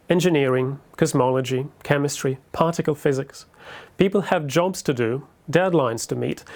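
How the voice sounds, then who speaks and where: A university lecturer, a native Russian speaker, giving a scripted lecture in a learned British accent in a measured, explanatory manner. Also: male voice, a little high. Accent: British English, learned.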